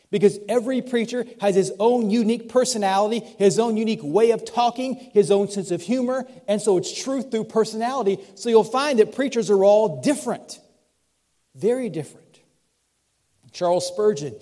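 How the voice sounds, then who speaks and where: A man's voice: high-pitched, mellow. A male pastor with a mixed Southern US accent, preaching a sermon in a church in a conversational way with light asides. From Southern United States. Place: church sanctuary.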